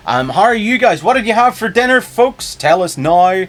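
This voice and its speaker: A man's voice: high-pitched, normal speed. A man streaming a game, talking casually and jumping between topics with chat. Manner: animated, chatty, jumps between topics.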